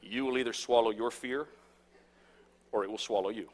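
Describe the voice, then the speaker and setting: A man in his thirties, a pastor preaching a sermon and telling stories, swinging from hushed to loud. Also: mid-range voice, steady tone, normal speed. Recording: echoey hall.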